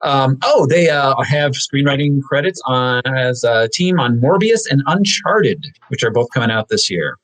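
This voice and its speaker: A man's voice: medium pitch, animated, normal speed, few pauses, fairly bright tone, low-quality recording. A man co-hosting a film podcast, chatting casually as he goes through credits with fillers and small laughs. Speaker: podcast co-host.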